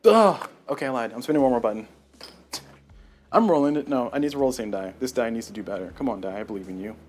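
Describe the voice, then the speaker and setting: A man playing a solo board game live on stream, talking through each move and getting loudly exasperated over bad dice rolls. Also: medium pitch, very fast, slight background noise.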